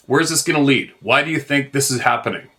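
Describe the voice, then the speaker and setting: A man's voice: mid-range voice, quick pace, bright, forceful tone. A middle-aged man hosting his own show, ranting in a heated, profane monologue. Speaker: host. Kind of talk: angry monologue.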